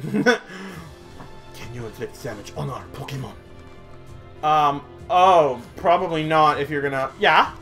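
A man's voice: on the high side, a little slow, pauses often, sharp tone, soft background music. A man chatting playfully through a let's play, singing silly little ditties as he goes. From Canada. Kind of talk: casual gameplay commentary.

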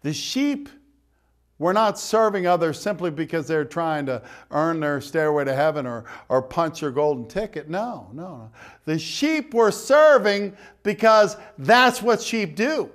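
A man, a priest, giving a conversational sermon with direct asides to his listeners. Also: a little high.

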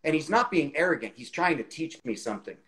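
A man in his forties, a real estate expert, telling a story in a casual interview over a video call, with lively fillers like "you know" and "like". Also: fairly high pitch, quick pace, poor audio. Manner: animated, chatty anecdote telling with many fillers.

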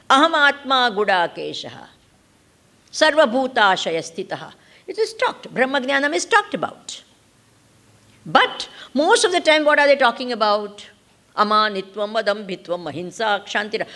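An Indian-accented woman teaches Vedanta, her pitch rising and falling in wide arcs as she questions her listeners. Her voice sits a little high. She switches between English and Hindi and laughs through her examples. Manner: animated, laughs while explaining. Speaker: spiritual teacher. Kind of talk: Vedanta discourse.

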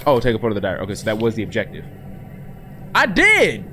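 A man giving slangy, excitable commentary while playing a horror game at home, swinging from low mutters to sudden yelps. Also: racing, a little hiss or hum. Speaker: gaming channel host. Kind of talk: let's play commentary. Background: horror game music and sounds.

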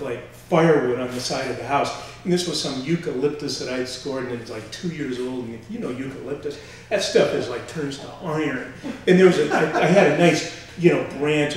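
An older man tells a story on a live stage, animated and full of fillers as he acts out what people said. His voice sits a little high for a man, and it comes through from far off in a very echoey hall. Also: a little hiss or hum. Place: stage before a live audience.

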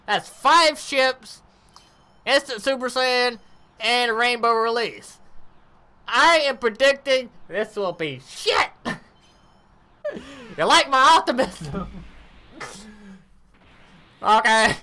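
Woman, game commentator, slow and bright, animated, swears freely. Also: fairly high pitch. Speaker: mobile game streamer. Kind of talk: casual gameplay commentary.

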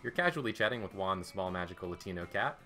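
Casting note: young male streamer, wry game narration, low voice with a bright edge, music underneath. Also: lively intonation, fast. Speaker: streamer reading a dating game. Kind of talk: reading game text aloud with asides.

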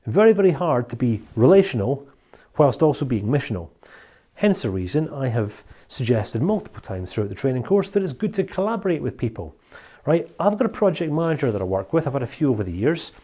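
A man's voice: mid-range voice, big pitch swings, brisk, warm tone. A Scottish man teaching a recorded course lecture in a chatty, jokey way.

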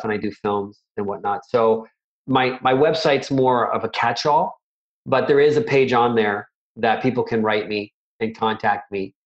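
A man's voice: fairly low pitch, dull audio. A middle-aged man, a martial arts instructor, telling stories in a casual interview, rambling and self-deprecating with many restarts.

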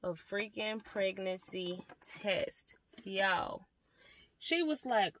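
A young woman telling a storytime vlog to the camera, animated and swearing freely as she talks to her viewers. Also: on the low side, measured pace, no echo. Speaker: vlogger.

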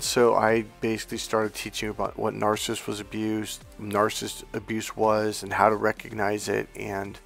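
A man working as a dating and relationship coach, telling an unscripted story in an energetic, earnest way with rambling restarts. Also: on the low side, moderate pace, creaky, few pauses.

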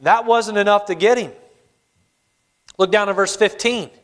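A male pastor preaching a sermon in a church, telling the story with animated voices. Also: high voice, unhurried. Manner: animated storytelling, acts out characters. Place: church sanctuary. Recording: long hall reverb in church.

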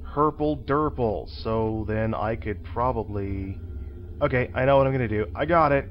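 A man's voice: lowish voice, steady tone, normal speed, lo-fi sound, slight background noise. A man casually commenting while playing a video game, talking to himself and to viewers with playful, teacher-like asides. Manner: chatty, talks to himself and viewers. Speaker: let's play host.

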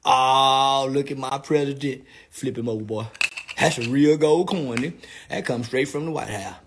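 A man ranting to camera in a loud, theatrical comedic vlog, with exaggerated mock-crying and preaching. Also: mid-range voice, normal speed, noisy background. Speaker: vlogger. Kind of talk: comedic celebratory rant to camera.

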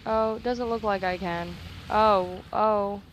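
A woman's voice: mid-range voice, slow, slight background noise. A young woman doing let's play commentary. She swears freely, repeats phrases and talks back to the game. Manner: animated reactions, repeats phrases. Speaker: gaming YouTuber.

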